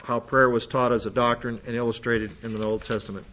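A man's voice: medium pitch, little pitch movement, a little fast, a bit bright. Methodical male Bible teacher, dull recording. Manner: methodical, works through Greek word lists with restarts. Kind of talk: sermon-style Bible lesson.

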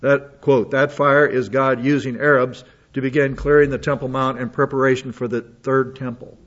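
A man's voice: medium pitch, little pitch movement, normal speed, a bit bright. A man reading news articles aloud and adding his own comments and asides. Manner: reads aloud with asides and restarts. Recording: dull lo-fi audio.

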